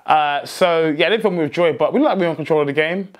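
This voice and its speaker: A young man hosting a football fan vlog, talking excitedly with many restarts and outbursts. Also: fairly high pitch, rapid-fire. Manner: excitable, rambling, frequent restarts, shouts in joy. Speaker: football fan channel host.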